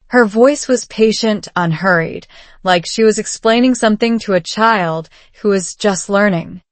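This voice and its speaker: A woman narrating a first-person story slowly and clearly, for learners. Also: medium pitch, no echo. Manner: slow, clear reading for learners. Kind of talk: slow scripted story narration.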